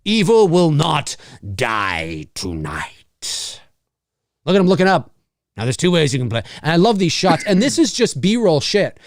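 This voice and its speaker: A man hosting a podcast, giving animated live commentary on a movie like a showman. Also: high-pitched, fairly quick, dry recording, studio quality. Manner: animated, showman-like, keeps saying "ladies and gentlemen". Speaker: podcast host.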